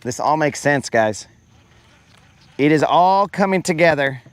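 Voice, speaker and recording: A man hosting a fishing livestream, chatting casually and animatedly with viewers in slang and acting out quoted voices. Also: a little slow. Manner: animated storyteller, slangy, acts out quotes in a higher voice.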